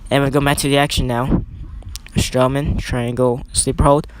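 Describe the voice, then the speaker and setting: Young male hobby commentator, mid-pitch, loose rambling play-by-play, faint hiss and clicks behind. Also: little pitch movement, moderate pace. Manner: rambling, self-correcting, chatty asides. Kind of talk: casual video game commentary.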